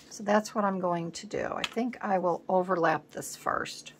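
A woman with a low, gravelly voice chats as she works on a collage at her home craft table, faint background noise. She rambles and thinks aloud about where each piece should go, often slipping into a soft murmur. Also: normal speed, few pauses. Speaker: collage artist host. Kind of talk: casual crafting chat.

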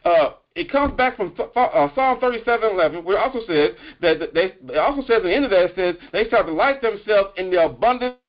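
A man preaching a sermon, halting with frequent restarts and slowing down to stress key points. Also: high-pitched, expressive, muffled recording. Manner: halting with repeated restarts, slows for emphasis. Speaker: pastor.

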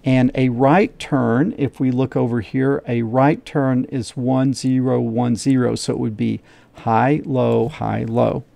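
A man's voice: mid-range voice, level tone, slow pace, creaky, dark tone, dry recording. A middle-aged man teaching a coding lesson while he shares his screen, thinking aloud, repeating steps and checking his own work.

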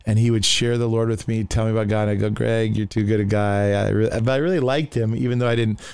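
Middle-aged pastor, male, from the United States. Rambling testimony teller who breaks into quoted voices. Smooth tone, dry close sound. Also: lowish voice, fairly even intonation, quick pace, a little mellow, dry recording. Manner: rambling storyteller with many restarts and fillers; acts out quoted voices in his story. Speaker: pastor telling his testimony. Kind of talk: casual testimony in a podcast conversation.

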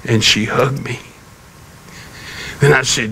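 Bright-voiced storytelling preacher. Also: male voice, medium pitch, steady tone, a little slow, vocal fry, long pauses, a little hiss or hum. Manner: folksy storytelling with gentle humor. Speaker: pastor. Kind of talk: sermon.

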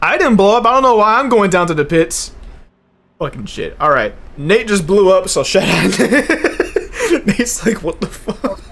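A young man giving live commentary on an online racing league while driving in it himself, casual and profane, loud and excited at big moments. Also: high-pitched, unhurried. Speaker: race commentator and streamer. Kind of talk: live esports race commentary.

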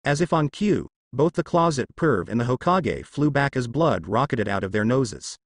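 Male narrator with lively intonation. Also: medium pitch, normal speed, no echo, clean studio sound. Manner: straightforward storytelling. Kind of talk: reading a fan story aloud.

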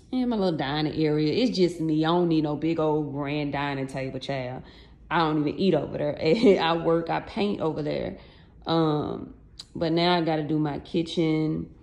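This is a woman in her late twenties talking casually to her viewers, full of folksy slang. Her voice sits low and has a gravelly, fry-heavy texture. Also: darkish tone. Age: late 20s. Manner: chatty, talks straight to viewers, folksy slang. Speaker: vlogger.

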